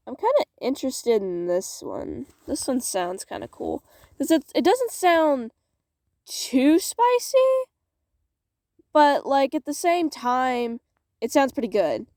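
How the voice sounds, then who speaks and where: Young woman vlogger, slightly high voice, dry close sound, wry and swears a lot. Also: dark tone, no room sound. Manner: sarcastic, swears, laughs at herself. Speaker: fanfic reader vlogger. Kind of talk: casual reading aloud with commentary. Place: small closet.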